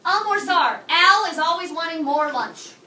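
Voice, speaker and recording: Bright, high-voiced woman teaching a class. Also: moderate pace, a little hiss or hum. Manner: energetic, playful, drills the class with call-and-response. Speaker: high school Spanish teacher. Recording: echoey classroom, mic far off.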